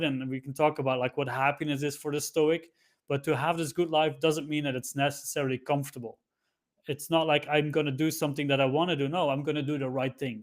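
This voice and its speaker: A man speaking as a podcast guest in a reflective, earnest way, often checking in with "right?". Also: a little high. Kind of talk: casual podcast chat.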